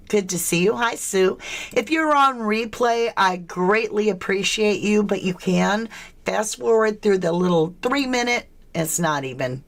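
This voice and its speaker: A woman from the States, hosting a casual true crime livestream, chatty and questioning as she greets viewers. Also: medium pitch. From southern United States.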